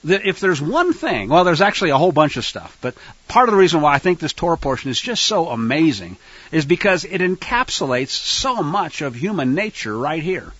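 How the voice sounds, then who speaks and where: A man teaching scripture to a fellowship, animated and acting out quoted lines. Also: a little high, brisk, slightly rough, no room sound, lo-fi sound.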